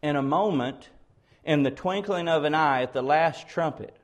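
A man preaching an expository sermon, building to loud, slowed, emphatic peaks on key words. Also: a little high.

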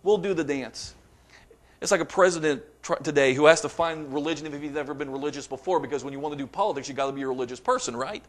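A man delivering a sermon, reading scripture aloud with dramatic emphasis and rising to forceful peaks. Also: fairly high pitch, very fast, few pauses. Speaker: preacher.

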